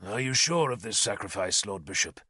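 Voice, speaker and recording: A man voicing a calm, commanding warlord who speaks low and measured. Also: breathy edge, dry recording, clean studio sound, heavily acted. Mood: stern. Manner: low, measured, quietly stern.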